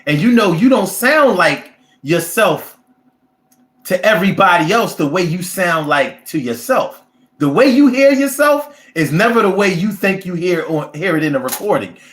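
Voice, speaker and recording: A man hosting a casual show, talking to a live chat with animated, profane ranting, in a roomy-sounding space. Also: high voice, normal speed. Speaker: show host. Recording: roomy echo.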